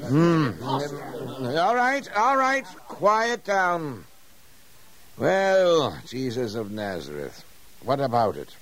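An actor playing a pompous male high priest in a radio drama, blustering with slow fillers and throat-clearing. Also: sing-song, a bit bright, full character voice. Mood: questioning.

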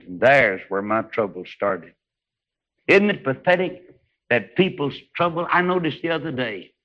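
A man preaching a revival sermon, swinging between hushed storytelling and high, shouted exclamations. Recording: dull lo-fi old sermon recording.

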